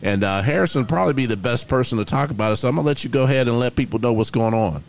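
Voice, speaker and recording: A man hosting a casual local podcast, easygoing and chuckling, with drawn-out asides. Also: medium pitch, gravelly. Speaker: podcast host.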